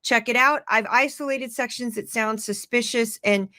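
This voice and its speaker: A woman narrates a clip in a cautious, matter-of-fact voice-over. Her voice sits a little high and sounds close and dry, with no room around it. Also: normal speed, bright, forceful tone, no echo. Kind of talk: scripted voice-over.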